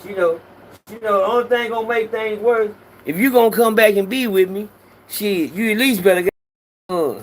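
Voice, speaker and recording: Talking into his phone on a casual livestream, a middle-aged man greets viewers by name and wanders through profane, loose stories. His voice sits high, and he talks at a normal speed.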